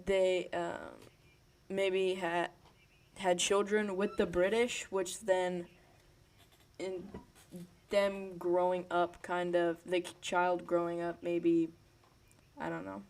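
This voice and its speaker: A young man co-hosting a casual podcast chat, hesitant and full of ums and pauses. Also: sits high, flat delivery. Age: young adult. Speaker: podcast co-host.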